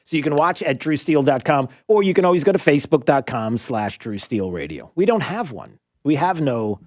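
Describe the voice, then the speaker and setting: A male radio talk show host rambling along in an animated way, full of fillers and restarts, in a studio. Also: on the high side, fairly quick.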